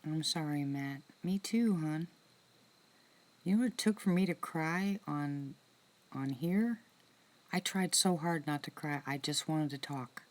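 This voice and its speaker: A woman hosting a casual live-stream chat with viewers from outdoors in the woods at night. She talks softly into a phone, often slipping into whispers, chatty and heartfelt. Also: deep voice, unhurried. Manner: soft-spoken, drops into whispers, chatty and heartfelt.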